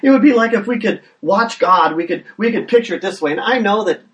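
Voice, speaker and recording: A man preaching a sermon in a fairly high voice, earnest and plain, often stumbling over the first words of a phrase. He builds momentum with repeated questions to the listeners. The mic sits some way off from him. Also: expressive, brisk, fairly bright tone, recorded from a distance, poor audio. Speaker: pastor.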